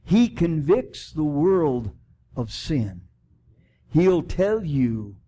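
A man preaching a sermon in church as pastor, swinging from loud emphatic preaching to soft, prayerful appeals. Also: fairly high pitch, very animated, drawn-out words.

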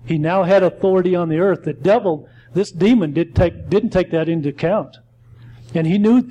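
A man teaching a Bible study in a halting way, often stumbling and correcting himself as he reads and explains. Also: a little high, dark tone, poor audio.

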